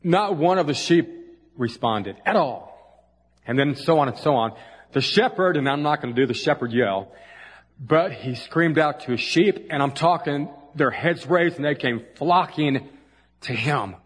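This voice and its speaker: A man's voice: on the high side, lively intonation, a little slow, breathy edge. A man preaching a conversational sermon, folksy and full of asides, in a church. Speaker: pastor. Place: church sanctuary. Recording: long hall reverb.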